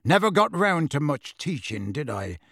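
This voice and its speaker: A man voices a battle-worn old wizard who growls every word low and gruff. He barks short, clipped commands, always suspicious. It is a dry, close storybook reading. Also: very animated, normal speed, a bit bright, dry recording. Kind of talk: audiobook reading.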